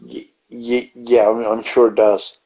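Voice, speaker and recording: This co-host of a casual beer review show rambles through stories on a live video stream from a home setup, cutting himself off and starting over. His medium-pitched voice is level, dark and breathy, and he takes his time. The audio sounds dull.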